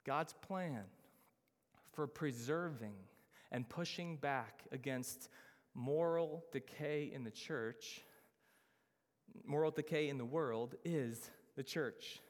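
A man preaching a sermon as pastor, emphatic, slowing down to stress key phrases. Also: medium pitch, long reverb tail.

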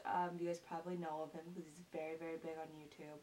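A young woman vlogger chatting earnestly to her viewers, gushing with praise and filling pauses with ums and repeated words. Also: low voice, flat delivery, a little mellow. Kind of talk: casual chat to camera. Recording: distant mic with faint hiss.

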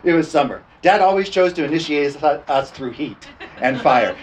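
A man's voice: fairly high pitch, animated, normal speed, a little hiss or hum. A man preaching a storytelling sermon in a folksy, laughing way, often tossing "amen?" to the congregation.

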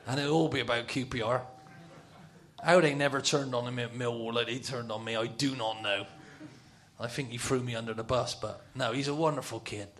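A middle-aged man with a medium-pitched, steady, slightly bright voice tells football stories at a brisk clip in casual talk-show chat. He laughs often and drops to a whisper when voicing his inner thoughts.

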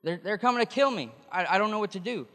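Guy putting on a high whiny scared prophet, stammering, big hall echo. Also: expressive, fast, fairly bright tone. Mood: whining. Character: frightened whining prophet, grown man.

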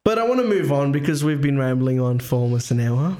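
A man's voice: medium pitch, sing-song, brisk, darkish tone. A young man co-hosting a podcast, giving rambling, goofy answers in casual chat. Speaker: podcast co-host.

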